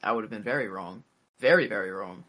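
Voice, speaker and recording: A man's voice: fairly low pitch, fast, sharp tone. A man co-hosting a podcast in a playful, casual chat, laughing often. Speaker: podcast co-host.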